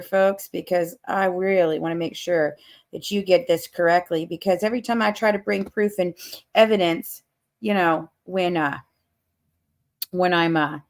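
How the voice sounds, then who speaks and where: A woman's voice: mid-range voice, gravelly. A woman ranting bluntly and profanely on a casual livestream, up all night without sleep. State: has not slept. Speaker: livestream host.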